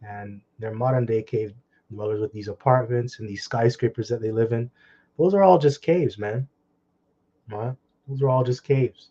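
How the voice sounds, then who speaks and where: A man's voice: medium pitch, dark tone. Guy preaching over scripture, heated n scornful, kinda muffled lo-fi sound. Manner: heated, scornful commentary with crude insults and short laughs; reads scripture slowly, then comments fast. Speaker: online preacher. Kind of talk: sermon reading and commenting on scripture.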